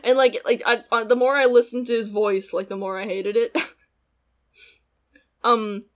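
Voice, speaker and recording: A woman's voice: a little high, flat delivery, moderate pace. Laughing, sarcastic young woman. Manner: chatty, laughs often, sarcastic. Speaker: podcast co-host. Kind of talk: casual chat reviewing an anime.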